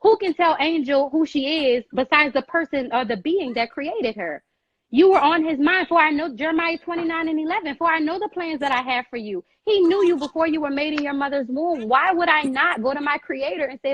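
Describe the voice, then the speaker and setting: Brief: high, fervent woman talking straight to camera, dry close sound, muffled lo-fi stream audio. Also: brisk, no room sound. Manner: animated, repeats phrases for emphasis, addresses listener as girl. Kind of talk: emphatic, preachy advice.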